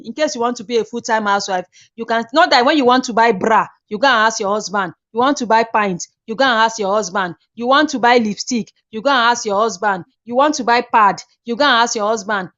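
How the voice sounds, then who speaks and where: Animated woman co-host, slightly high voice, muffled sound. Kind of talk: casual chat.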